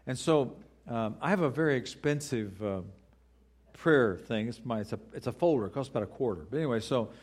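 A middle-aged pastor delivers a sermon in an even, mid-pitched voice. He is earnest, rising into loud pleading questions and dropping to a hushed, quiet tone when he voices prayers. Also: a little fast. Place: church.

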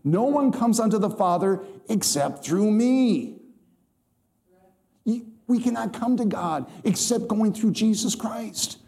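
A man's voice: sits high, lively intonation, takes it slowly, dark tone. A man preaching a sermon to a congregation, quoting scripture and speaking to the listeners directly with emphatic rhythm.

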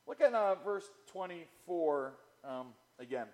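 A man preaching a sermon, slow and emphatic, repeating key phrases for weight. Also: on the high side, lively intonation, a little mellow. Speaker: pastor.

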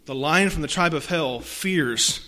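A man delivers a sermon in a fairly high, forceful, bright voice. He drops to near-hushed phrases and then rises to loud emphasis, repeating key lines for effect. He reads scripture aloud with weight. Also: measured pace. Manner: dramatic swings from hushed to loud, with rhetorical repetition. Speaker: preacher.

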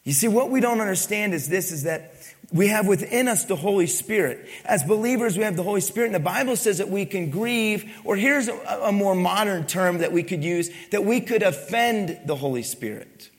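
A pastor preaches in church with a high, animated voice at a moderate pace, questioning the congregation and stressing his points. The long reverb of the church hall colors the recording.

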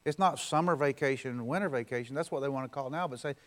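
A man pastor preaching a sermon, swinging from loud, forceful declarations down to a soft, intimate appeal. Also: medium pitch, fast. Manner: preaches with loud swells, then drops to soft, close talk.

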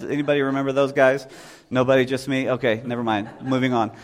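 A man's voice: medium pitch, steady tone, a little fast. A man in his thirties preaching a casual sermon in a conversational way, often acting out voices from the story.

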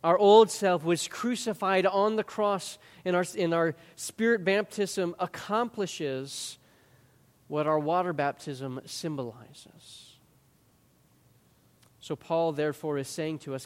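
A man's voice: on the high side, takes it slowly, clear, resonant tone. A man preaching an expository sermon as pastor, earnest and emphatic, often repeating a word as he restarts a phrase. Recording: long reverb of a large hall.

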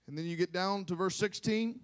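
A man preaching a sermon to a congregation, moving from quiet asides to impassioned shouting and calling on the listeners to respond. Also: high voice, brisk, clean tone.

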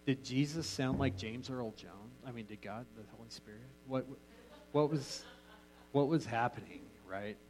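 A man's voice: medium pitch, moderate pace, a little mellow, a little hiss or hum, low-quality recording. A man teaching an informal Bible class in a casual, joking way, often restarting his sentences.

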